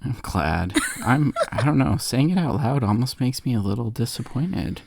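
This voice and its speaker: Young man telling jokey, animated story. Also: mid-range voice, moderate pace, vocal fry. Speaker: podcast co-host. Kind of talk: comic movie retelling.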